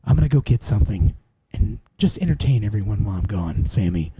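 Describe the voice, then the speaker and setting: A man's voice: on the low side, very animated, fast talker, dark tone, husky. A man hosting a podcast in casual chat, teasing his guest with jokey interjections. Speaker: podcast host.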